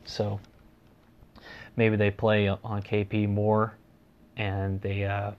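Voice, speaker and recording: A man's voice: on the low side, completely flat delivery, slow, dull audio. A man hosting a solo sports podcast, talking casually and rambling, with dry sarcasm. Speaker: podcast host.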